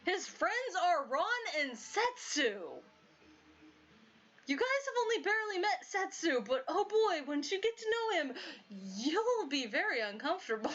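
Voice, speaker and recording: A woman's voice: very high-pitched, big pitch swings, measured pace, a bit bright. A woman in casual, chatty commentary as she plays a visual novel, giggling at the story. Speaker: video game let's player. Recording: dull lo-fi audio, faint music.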